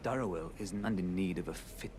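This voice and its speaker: An actor playing a grim male hunter with a Welsh accent, low, terse and menacing, chasing a traitor. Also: fast, noisy background, lightly acted. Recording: game audio with music behind. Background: game music.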